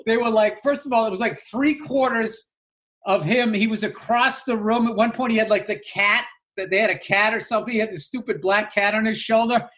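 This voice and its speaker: A man's voice: high voice, steady tone, a little fast, fairly bright tone. A middle-aged man, a comedian co-hosting a podcast, talking in a rambling, self-deprecating way with many restarts. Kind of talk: casual chat.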